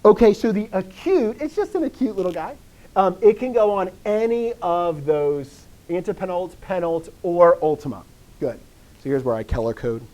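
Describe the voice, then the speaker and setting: An animated teacher whose pitch swings up and down through a classroom lecture. The teacher quizzes the students again and again, encourages their answers and repeats key phrases to drive them home. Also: moderate pace, rough recording. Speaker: Greek teacher.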